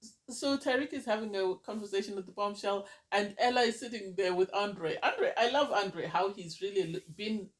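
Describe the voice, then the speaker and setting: High-voiced chatty man reviewing reality TV. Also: normal speed. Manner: chatty, gushing, exclamatory. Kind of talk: casual recap and review.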